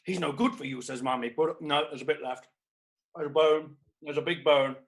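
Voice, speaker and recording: A man playing a husky, grandiose aging diva. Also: a little high, fairly even intonation, moderate pace, a bit bright. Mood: melodramatic. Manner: camp and theatrical, calls everyone darling. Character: aging theatrical diva woman, grandiose and needy. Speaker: comedian. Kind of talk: live-streamed comedy character act.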